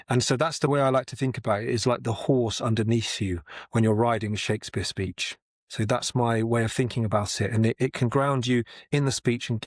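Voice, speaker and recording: Male explainer, conversational and halting, mid-range pitch, dry close-miked sound. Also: dry recording. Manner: conversational, many restarts and repeated words, chants rhythm aloud. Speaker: Shakespeare explainer. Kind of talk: casual explanatory talk to camera.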